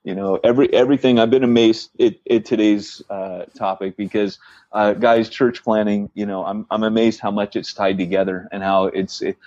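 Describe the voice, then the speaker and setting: A man co-hosting a podcast tells a story in a relaxed, rambling way. He stumbles over restarts and acts out the dialogue of the people in it. His voice comes through dry and a little dull, like a modest home setup. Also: fairly low pitch, moderate pace, no room sound. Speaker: church planter podcast co-host. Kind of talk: casual storytelling chat.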